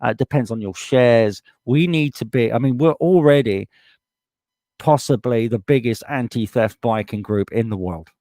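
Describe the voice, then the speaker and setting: On a desktop USB microphone with studio quality and no echo, a British-accented live-stream host reads viewer comments at a moderate pace. His mid-range voice has a dark tone, and he's casual and blunt, swearing freely once heated.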